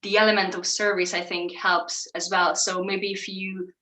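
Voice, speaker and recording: A woman co-hosts a home cooking show in casual chat. She talks in a reflective way and laughs often. Her voice sits in a middle pitch, and the kitchen around her sounds echoey. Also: flat delivery, moderate pace, sharp tone.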